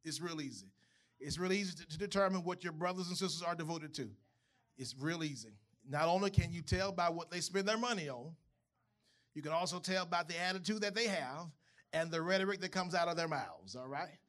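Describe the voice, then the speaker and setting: Preacher, high bright voice, chatty sermon style that keeps asking the congregation questions. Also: male voice, fairly quick. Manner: conversational, asks the congregation questions. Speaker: pastor. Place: church.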